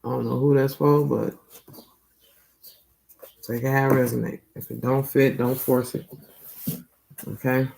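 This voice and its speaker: Gravelly man giving a tarot reading. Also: medium pitch, little pitch movement, unhurried, pauses often, a little mellow, rough recording. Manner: loose and profane, tags lines with "okay?". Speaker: tarot reader.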